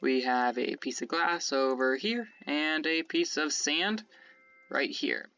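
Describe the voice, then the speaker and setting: A man's voice: a little high, takes it slowly, pushed and bright, lo-fi sound, a little hiss or hum. A man giving casual gameplay commentary as he builds, rambling and correcting himself as he explains his setup to viewers. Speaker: Minecraft let's-play creator.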